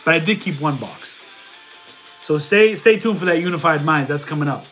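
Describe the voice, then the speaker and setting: A high-pitched man hosts a casual livestream, reading out viewer questions and talking through his answers in a loose, chatty way. His nose is stuffed up, and faint music plays behind him. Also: animated, moderate pace, fairly bright tone. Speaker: livestream host and reseller.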